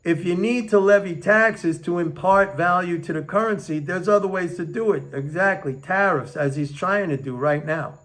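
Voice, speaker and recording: An older man giving a casual, emphatic opinion monologue on economics, slowing down to stress his points, recorded on a camera on a tripod. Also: high-pitched, fairly bright tone. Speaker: economics commentator.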